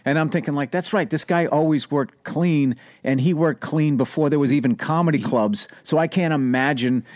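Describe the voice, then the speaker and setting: A man's voice: a little high, normal speed, dry recording, studio quality. A man in his forties with a Boston accent, telling stories in a casual, profane, rambling way as a comedian host. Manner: profane, rambling, animated storyteller. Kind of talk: casual storytelling chat.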